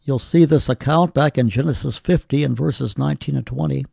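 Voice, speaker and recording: Older-sounding guy preaching slow, super gravelly and dark, quotes bible verses. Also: mid-range voice, no room sound. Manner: slow, deliberate delivery with scripture quoted in old English. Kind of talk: sermon.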